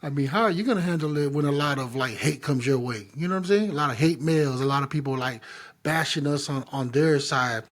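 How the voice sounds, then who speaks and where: A man co-hosting a podcast in casual chat, telling stories in an animated, slangy, profane way. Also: on the high side, brisk. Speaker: podcast co-host.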